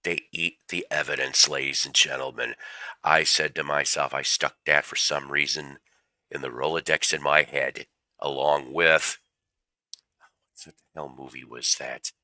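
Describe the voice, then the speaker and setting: A man's voice: extremely low pitch, fairly even intonation, unhurried, sharp tone, dry recording. A man, fighting a cold, hosting a casual livestream and rambling through stories with jokey asides. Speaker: livestream host. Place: home room with his cat.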